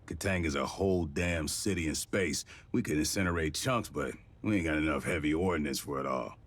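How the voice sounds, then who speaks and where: A man's voice: a bass voice, brisk. An actor playing a blunt, profane military commander briefing his troops. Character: gruff profane man, a tough marine officer.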